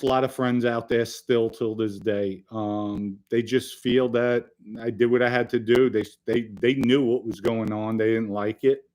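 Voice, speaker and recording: A middle-aged man hosting a casual live stream, reading chat and joking with viewers in loose talk with sudden loud bursts. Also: mid-range voice.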